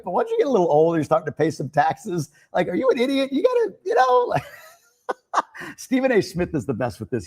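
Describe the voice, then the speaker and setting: A middle-aged man from the United States hosting a livestream, chatting casually and speaking his opinions in an animated way. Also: a little high. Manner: animated, opinionated, laughs and rises to near-shouting when joking. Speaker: livestream host. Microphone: streaming mic.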